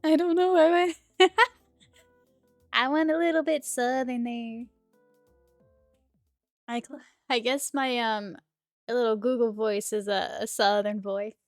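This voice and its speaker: A woman's voice: a little high, steady tone, takes it slowly, pauses often, no room sound, studio quality. A woman streamer reading a dating game aloud in a casual playthrough, with a sore throat and giggly, chatty asides. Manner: chatty, giggly asides between read lines. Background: faint game music.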